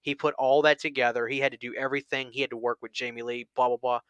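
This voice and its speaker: A man's voice: mid-range voice, little pitch movement, quick pace, fairly bright tone, clean tone, dry recording, lo-fi sound. A man hosting a casual chat, telling a long story with many restarts and quoted lines. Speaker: channel host.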